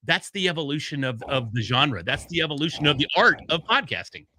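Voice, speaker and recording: A middle-aged man, a podcast consultant, telling blunt, animated stories with some swearing in a casual chat. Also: a little high, a little fast. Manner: animated storyteller, blunt and profane.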